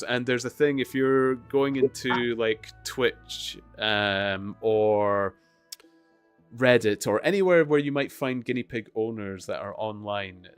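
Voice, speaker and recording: A man chatting casually on a live stream, rambling through stories with plenty of ums and little chuckles. His voice sits at an ordinary middle pitch, with faint music playing behind him. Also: clean tone. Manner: rambling, chuckling, many fillers. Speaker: streamer host.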